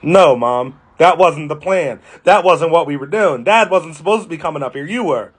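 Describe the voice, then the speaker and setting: A man's voice: a little high, lively intonation, moderate pace, husky. A man in his twenties tells a personal story to camera in a laid-back, slangy way, swearing often. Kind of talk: casual storytime monologue.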